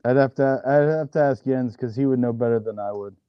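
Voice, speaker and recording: A man's voice: mid-range voice, a little fast, clean tone, no echo. A man with an American West Coast accent chatting casually on a livestream, easygoing and rambling, often hedging with "you know". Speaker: livestream guest. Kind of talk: casual chat. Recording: dull dry voice-chat audio.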